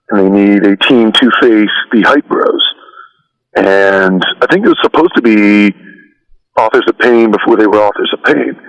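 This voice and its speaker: A man's voice: lowish voice, muffled recording. Rambling man telling stories. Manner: relaxed, rambling, many fillers. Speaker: interview guest. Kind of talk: casual storytelling interview.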